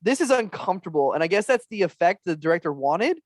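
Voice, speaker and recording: Podcast guest dude, swears a ton, laughs constantly, dry close sound. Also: male voice, high-pitched, sing-song, fast, no echo. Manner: profane, laughs a lot, does impressions. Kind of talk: casual chat.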